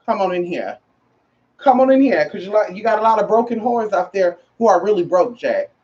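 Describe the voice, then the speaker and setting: Animated and fairly quick, this woman vlogger has a darkish mid-range voice and chats sassily to camera. She leans on slang, calls viewers honey and girl, and repeats phrases for emphasis, all on a muffled lo-fi track.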